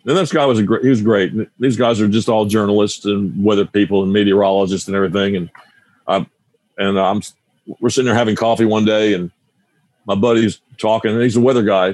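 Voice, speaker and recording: A man's voice: fairly low pitch, steady tone, brisk, darkish tone, dry recording. A man in his sixties, a guitar teacher and radio broadcaster, telling stories in a casual interview, rambling and often restarting his sentences.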